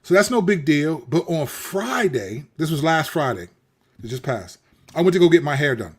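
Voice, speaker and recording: A middle-aged man from the Washington, D.C. area, host of his own channel, telling a personal story in a candid, animated, preacherly way with street slang and frequent repeats. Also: fairly high pitch.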